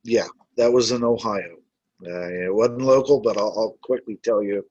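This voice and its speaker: A man's voice: fairly low pitch, fairly even intonation, normal speed, darkish tone, slightly rough, dry recording, highs cut off. A man who investigates the paranormal, telling his stories in a casual, rambling way with many filler words. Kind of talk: casual storytelling.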